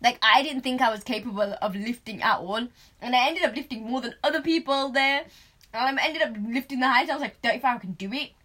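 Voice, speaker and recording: A woman chatting casually, telling stories animatedly with lots of laughter and loud bursts. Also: high voice, quick pace. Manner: animated storytelling, laughs a lot, gets loud when excited. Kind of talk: casual chat.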